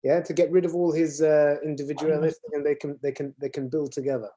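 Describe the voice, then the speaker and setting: A man's voice: a little high, level tone, fast, warm tone. A man, a rabbi, explaining ideas earnestly in a casual conversation.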